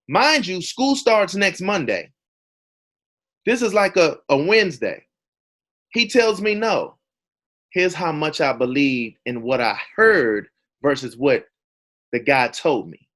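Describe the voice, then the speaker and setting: A man telling a personal story to an audience as a motivational speaker, animated and dramatic. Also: high-pitched, unhurried, pauses often.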